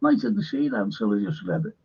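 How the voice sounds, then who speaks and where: A man's voice: on the low side, wildly swooping pitch, brisk, creaky, mellow, breathy edge, lo-fi sound. An older man with a Liverpool accent hosting a livestream, chatting casually and rambling through anecdotes while reading out viewer comments. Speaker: livestream host.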